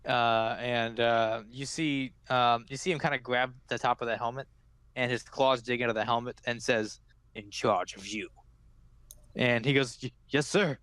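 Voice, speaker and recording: A man's voice: mid-range voice, level tone, fairly bright tone, clear, resonant tone, no room sound. Man narrating as game master, dry sound. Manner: halting, filler-heavy narration.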